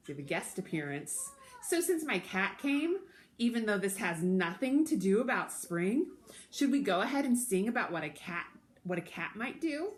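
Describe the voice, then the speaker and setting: Gentle sing-song storytime woman. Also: medium pitch, big pitch swings, moderate pace. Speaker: children's storytime host. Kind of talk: leading a children's sing-along. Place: at home. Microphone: recording alone to camera.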